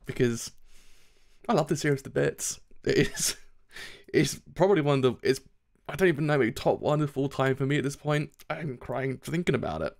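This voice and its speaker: A young man streaming a live reaction to a manga chapter, excitable, laughing often and swearing freely. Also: mid-range voice, moderate pace, gravelly.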